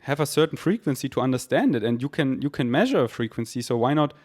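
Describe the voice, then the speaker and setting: A man's voice: medium pitch, animated, quick pace. A man hosting a podcast, speaking in a rambling spiritual monologue with repeated words and casual swearing; German is his first language. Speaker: podcast host.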